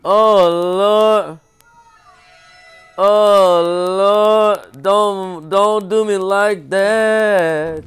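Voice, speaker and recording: A man playing a horror game, joking and talking to the monster, with low mutters and loud startled yelps. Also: drawn-out words, smooth, soft background music. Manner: jokey, talks to the game character, repeats silly chants. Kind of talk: casual let's-play commentary.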